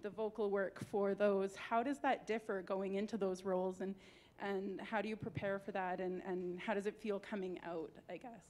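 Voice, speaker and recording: A woman's voice: mid-range voice, fairly even intonation, normal speed, a little mellow. A nervous, giggly woman fan asking a question from the audience at a convention panel. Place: convention hall.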